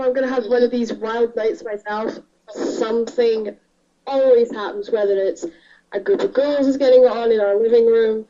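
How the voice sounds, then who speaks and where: Mellow-voiced woman, distant lo-fi audio. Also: on the high side. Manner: hesitant, many restarts and fillers. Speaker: podcast co-host. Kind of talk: casual chat.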